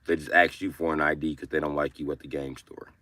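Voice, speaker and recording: A man hosting a casual livestream, brash and profane as he roasts his chat, with sudden bursts of yelling. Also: extremely low pitch, flat delivery, quick pace, no room sound. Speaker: livestream host.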